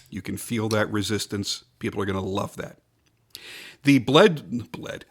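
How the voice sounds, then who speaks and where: A man's voice: medium pitch, fairly bright tone. A man reviewing a pocket knife in a casual, enthusiastic way, stressing and repeating his points.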